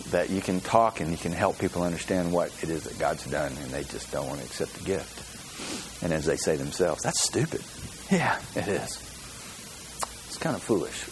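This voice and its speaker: A male pastor giving a conversational, animated sermon and asking the congregation questions. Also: sits low, background noise.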